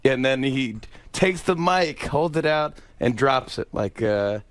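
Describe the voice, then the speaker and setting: Man telling an animated story. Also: medium pitch, unhurried, no room sound. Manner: animated storyteller who acts out the dialogue. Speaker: talk show host guest. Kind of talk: telling an anecdote on a radio interview.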